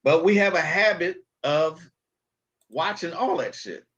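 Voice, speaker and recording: A man's voice: a little high, lively intonation, measured pace, fairly bright tone, muffled recording. A man speaking bluntly and emphatically in a casual vlog clip.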